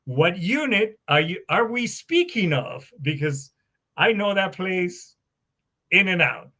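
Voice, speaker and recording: A middle-aged American man hosting a podcast, telling stories in a profane, animated way and acting out both sides of conversations. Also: high voice, slow. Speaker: podcast host. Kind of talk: casual storytelling monologue.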